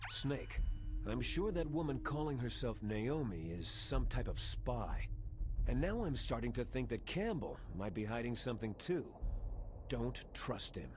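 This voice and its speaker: An actor playing a stern, commanding military advisor in a video game, giving orders over a radio link. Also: male voice, mid-range voice, sing-song, measured pace, music in the background. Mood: grave. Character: stern male military advisor, middle-aged. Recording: game audio with clear background noise.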